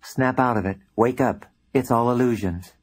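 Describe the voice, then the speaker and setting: A man voicing a calm, riddling spiritual teacher. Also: mid-range voice, normal speed, natural voice. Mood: insistent. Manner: quiet, patient, riddling. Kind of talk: audiobook character voice.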